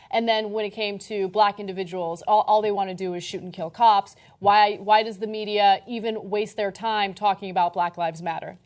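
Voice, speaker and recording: A woman hosting live election night coverage, telling stories in a candid, animated way. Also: medium pitch. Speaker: host.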